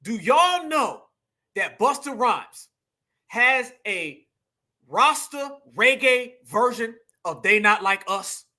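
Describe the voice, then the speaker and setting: A man hosting a livestream, delivering animated, profane ranting commentary straight to his audience. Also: extremely high pitch, slow. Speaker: livestream host.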